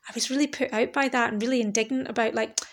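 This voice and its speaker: A woman hosts her podcast alone, talking in a candid, rambling, reflective way and swearing now and then. Her voice is a little high with fairly even intonation, and she speaks rapid-fire.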